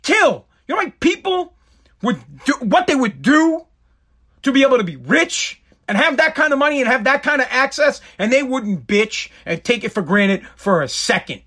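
Man, comedic rant, profane, heated, high-pitched. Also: normal speed. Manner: profane, heated, animated ranting.

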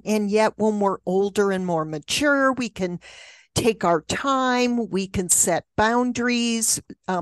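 A woman's voice: medium pitch, dry recording. A woman co-hosting a podcast who asks her guest questions in a friendly, affirming, conversational way. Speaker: podcast co-host. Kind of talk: podcast interview.

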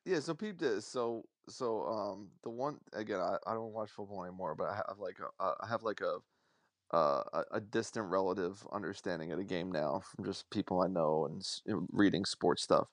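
A man's voice: low voice, normal speed, no room sound, clean studio sound. A man in a casual podcast chat, talking in a hesitant, meandering way that circles around his point. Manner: hesitant, meandering, many fillers and restarts.

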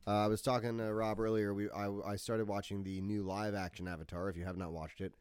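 Male podcast co-host, lower register, relaxed and wry, dry close recording. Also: fast, clean tone, dry recording. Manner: laid-back, wry, trails off into low mumbles. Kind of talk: casual chat.

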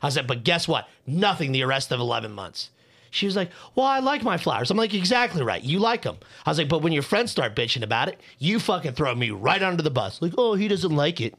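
A man's voice: on the high side, sing-song, fast, gravelly, a bit bright. A man co-hosting a casual podcast, telling a story in a heated, profane rant while worked up and hot under the collar. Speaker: podcast co-host.

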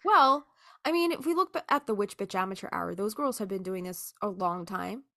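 A woman's voice: medium pitch, lively intonation, sharp tone, no room sound. Young woman, podcast co-host, casual chat, swears a lot, very dry close sound. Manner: chatty, swears freely, quick laughs.

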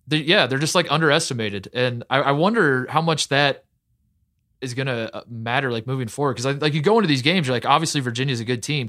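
A man talking casually about college basketball as a podcast co-host, excitable and rambling with many fillers. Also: mid-range voice, no room sound, studio quality. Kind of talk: casual sports talk.

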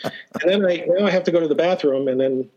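A man with a slightly high voice tells stories in a casual interview. He hesitates often, restarts his sentences and fills gaps with "uh", and chuckles now and then. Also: brisk, darkish tone, lo-fi sound. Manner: hesitant, many fillers and restarts; chuckles while telling stories. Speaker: podcast guest, author.

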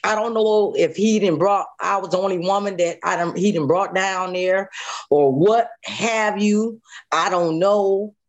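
A woman's voice: mid-range voice, unhurried. A woman guest telling a harrowing personal story in an interview, vividly and emotionally, repeating phrases and sometimes close to tears. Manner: vivid retelling with repeated phrases and sound effects; voice rises and falls sharply with emotion.

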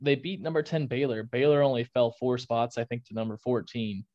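A man's voice: medium pitch, fairly even intonation, fairly quick, a little mellow, no room sound, muffled recording. A young man co-hosting a casual sports podcast, ranting with energy and often restarting his sentences. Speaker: podcast co-host.

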